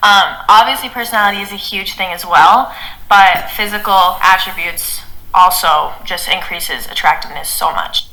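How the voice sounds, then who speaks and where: Bright-voiced young woman giving a countdown list. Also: mid-range voice, moderate pace, low-quality recording. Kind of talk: list video voice-over.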